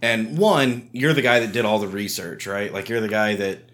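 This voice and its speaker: A man in relaxed podcast chat who argues his side point by point. He counts off his reasons and swears along the way. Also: on the low side, moderate pace. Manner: argumentative, lays out points in order. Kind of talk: casual chat.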